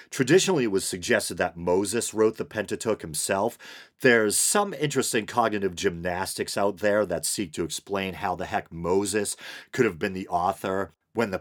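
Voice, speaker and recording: A man with a New England accent hosting a solo podcast, talking in a wry, self-deprecating way with chuckles and "uh"s. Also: low voice. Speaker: podcast host. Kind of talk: casual solo podcast monologue.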